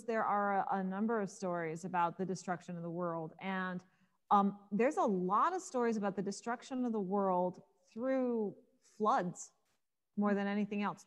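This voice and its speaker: A woman Egyptologist giving a casual spoken talk, retelling myths with lively acted-out dialogue for the gods. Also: medium pitch, in a large hall. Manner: lively storyteller acting out the gods' lines. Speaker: Egyptologist guest speaker.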